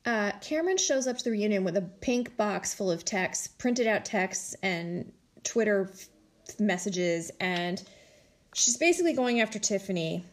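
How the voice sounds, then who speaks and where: A woman's voice: mid-range voice, a little slow. Woman gossiping about a reality show, lots of "like", does silly voices for quotes. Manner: animated storytelling, acts out quotes in exaggerated voices; chatty, heavy use of "like" and "you know". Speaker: reality TV recapper. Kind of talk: casual chat.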